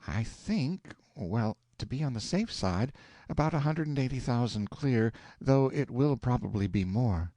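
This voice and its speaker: A man's voice: mid-range voice, lively intonation, measured pace, mellow, no echo, clean studio sound, pitched above the performer's own voice, lightly acted. A man voicing a prim, prudent middle-aged wife in an audiobook, reproving and careful with money. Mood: calm. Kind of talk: audiobook character voice.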